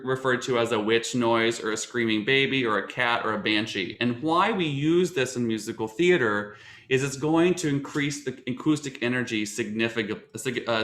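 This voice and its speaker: A man's voice: mid-range voice, a bit bright, roomy sound. A man giving a lecture on singing technique to teachers, explaining at length with many fillers and restarts.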